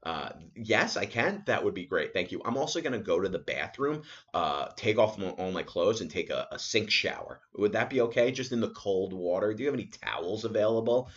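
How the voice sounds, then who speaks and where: Low-voiced young man ranting casually. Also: a little fast, few pauses, dull audio. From New York area resident. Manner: rambling, profane, animated storytelling with acted-out quotes. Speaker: podcast host. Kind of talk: casual solo podcast monologue.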